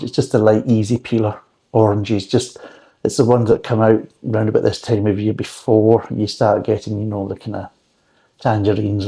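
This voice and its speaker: Mellow, rambling man chatting recipes. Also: on the low side, gravelly. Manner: rambling, chatty, dry joking asides. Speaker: drinks reviewer. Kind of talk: casual home recipe chat.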